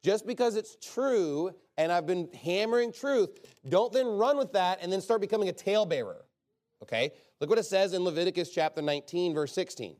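Animated and fairly quick, a man preaches in a fairly high, slightly mellow voice. He keeps his sermon conversational and emphatic, asking rhetorical question after rhetorical question and firmly supplying the answers.

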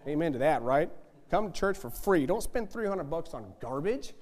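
A man's voice: fairly high pitch, sing-song, moderate pace. Fiery preacher man in a hall. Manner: emphatic, repetitive, rising to shouts. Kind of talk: fiery sermon.

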